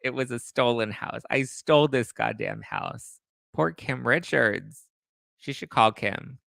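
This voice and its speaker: A young man hosting a casual gossip livestream, talking chattily to his chat and jumping into high exclamations. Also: wildly swooping pitch, measured pace, creaky, a bit bright, no echo. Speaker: livestream host reading chat. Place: home in a city apartment.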